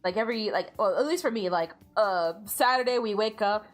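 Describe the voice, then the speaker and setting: A woman's voice: mid-range voice, fairly quick, faint music behind. Giggly rambling woman streamer. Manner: giggly, rambling, lots of "like" fillers. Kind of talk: casual chat while gaming.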